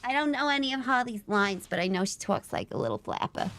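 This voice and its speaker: A woman's voice: fairly high pitch, animated, fast talker, a bit bright, slight background noise, pitched above the performer's own voice. A woman doing an impression of a giddy young villain's sidekick, with a coy flapper-style drawl.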